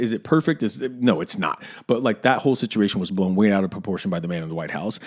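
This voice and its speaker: A man hosting a podcast for actors, talking earnestly and conversationally to his listeners and repeating phrases for emphasis. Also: mid-range voice. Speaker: acting coach and podcast host. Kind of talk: casual podcast monologue.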